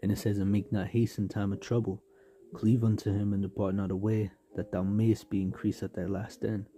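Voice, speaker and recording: A man's voice: lowish voice, flat delivery, a little fast, mellow. A man from San Diego giving a casual spoken devotional on a livestream, rambling with many fillers and street slang. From San Diego, California. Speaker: livestream preacher.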